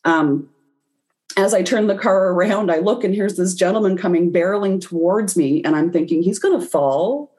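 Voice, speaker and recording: Low-voiced woman telling a story. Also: moderate pace. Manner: animated storyteller acting out her own reactions. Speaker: guest, intuitive reader. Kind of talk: storytelling in an interview.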